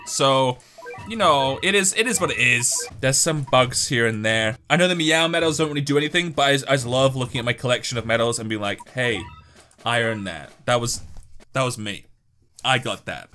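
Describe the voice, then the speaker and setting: A young man giving casual, excitable commentary over a mobile game he is playing, muttering one moment and yelling at the screen the next. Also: a little high. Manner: excitable, swings from mumbling to yelling and laughing at the game. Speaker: gaming YouTuber.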